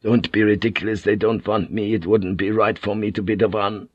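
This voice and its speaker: Dude doing a whiny raspy captain, pompous and scared, husky. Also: male voice, fairly low pitch, fairly even intonation, brisk, no room sound, lo-fi sound. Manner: raspy, whining. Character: frightened, pompous male ship's captain-general.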